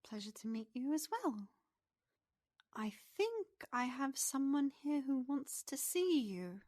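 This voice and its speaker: A woman's voice: high-pitched, big pitch swings, slow, no room sound, clean studio sound, voice pushed up, exaggerated voice. A woman voicing a tiny, playful female pixie who teases and giggles. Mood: cheerful. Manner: bright, teasing, giggly.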